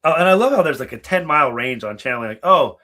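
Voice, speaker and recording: A man co-hosting a podcast, chatting casually and profanely, laughing and dropping quick impressions. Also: mid-range voice, animated, sharp tone. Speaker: podcast co-host. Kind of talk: casual chat.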